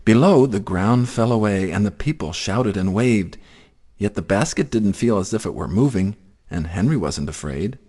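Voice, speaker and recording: Animated man reading a storybook. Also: on the low side, moderate pace, husky. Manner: expressive, sing-song storytelling with animated swoops. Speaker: picture-book reader. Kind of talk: reading a children's storybook aloud.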